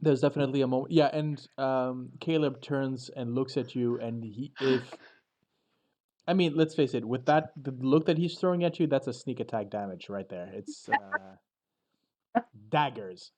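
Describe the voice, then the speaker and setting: A man narrating as game master, halting and restarting as he describes the scene. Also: mid-range voice, darkish tone. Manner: halting, full of fillers and restarts.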